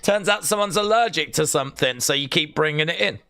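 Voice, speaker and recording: A man's voice: fairly high pitch, animated, fairly quick, gravelly, sharp tone, clean tone, no room sound. A man hosting a live watch-along stream, chatting casually and joking in rambling asides.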